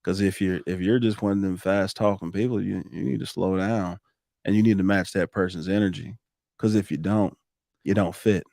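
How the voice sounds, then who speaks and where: A man talking casually on a podcast, coaching listeners on sales and connecting with customers in an animated way that swings between loud and quiet. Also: low voice, moderate pace, vocal fry, no echo, studio quality. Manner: animated, coaching, laughs often.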